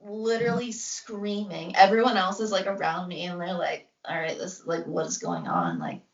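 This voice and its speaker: A woman's voice: fairly low pitch, lively intonation, moderate pace. A young woman co-hosting a podcast, rambling through a personal story in casual chat, saying "like" constantly and acting out what others said. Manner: rambling, heavy use of "like", acts out quotes. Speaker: podcast co-host. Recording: roomy, distant, dull lo-fi sound.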